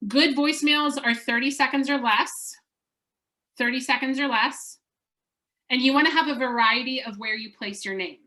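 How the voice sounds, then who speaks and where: Upbeat woman sales coach, kinda high voice, chatty, acts out example voicemails. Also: pushed and bright. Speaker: real estate sales coach. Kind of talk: coaching lesson to agents.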